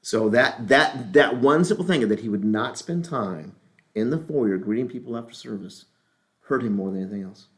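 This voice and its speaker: A man's voice: mid-range voice, expressive, normal speed. A middle-aged man, a pastor, teaching a leadership class in a casual, rambling, joking way with many restarts.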